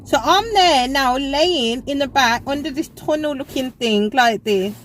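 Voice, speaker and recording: A woman's voice: high-pitched, a little slow, fairly bright tone, a little hiss or hum, low-quality recording. A young woman telling a casual storytime in a chatty, rambling way, full of fillers. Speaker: vlogger.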